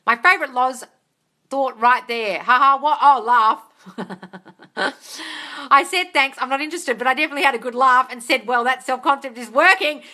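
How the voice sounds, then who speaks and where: Woman, 30s, high voice, very bright and sharp, bubbly live-stream coach, squeals and laughs, reads out comments. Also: normal speed. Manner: reads out comments and answers them. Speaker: manifestation coach.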